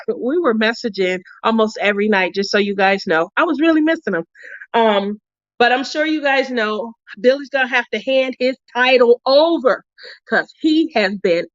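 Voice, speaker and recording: Female craft vlogger, casual and giggly, a bit high-pitched, dull lo-fi audio. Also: no room sound. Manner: chatty, laughs often. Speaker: craft channel host. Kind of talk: casual chat. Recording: dull, dry lo-fi recording.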